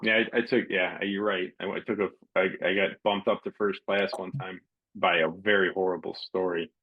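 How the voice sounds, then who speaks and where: A man's voice: low voice, normal speed, slightly rough, lo-fi sound. A man hosting a casual interview, telling stories and acting out the voices of people in them. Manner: animated storyteller, acts out quotes. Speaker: podcast host.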